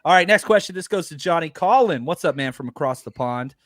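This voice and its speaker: Hoarse guy hosting a podcast, kinda high voice, dry mic, jokes on himself a lot. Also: a little fast, no room sound. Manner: self-deprecating, animated. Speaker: podcast host. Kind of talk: casual chat.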